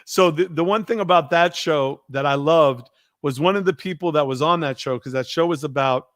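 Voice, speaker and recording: Brief: male host, lively storyteller, slightly high voice, dry close mic. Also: normal speed, no echo. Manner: animated storyteller, acts out quotes. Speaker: podcast host. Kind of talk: casual storytelling chat.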